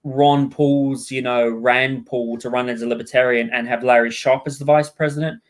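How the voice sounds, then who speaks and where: A man from Wales hosting a podcast, friendly and a bit halting, often apologizing. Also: medium pitch, steady tone. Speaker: podcast host. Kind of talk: casual political chat.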